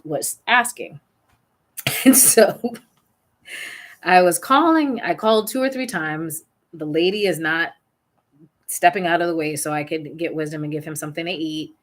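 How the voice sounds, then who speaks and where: Low-pitched young woman, parent coach, rambling through a story about her kid. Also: fairly bright tone. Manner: candid, rambling, with small restarts. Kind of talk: personal storytelling monologue.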